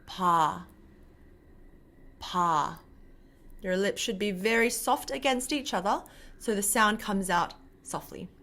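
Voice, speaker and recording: A young woman teaching Korean pronunciation to camera, demonstrating sounds slowly and repeating syllables louder. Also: fairly high pitch.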